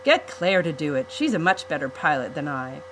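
A woman's voice: deep voice, big pitch swings, normal speed, noisy background. A woman reading a storybook aloud, voicing an anxious young boy who pilots an airship, protesting and pleading.

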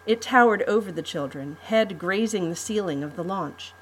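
Husky woman reading a family story. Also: medium pitch, lively intonation, normal speed, low-quality recording. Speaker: podcast host and storyteller. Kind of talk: scripted story narration.

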